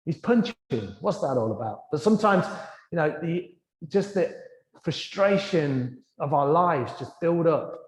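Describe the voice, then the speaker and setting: A man's voice: on the high side, lively intonation. Man guiding a yoga class, echoey room. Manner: gentle, encouraging cues, softening and slowing during breathing. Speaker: yoga teacher. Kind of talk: guided yoga class instruction. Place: yoga studio.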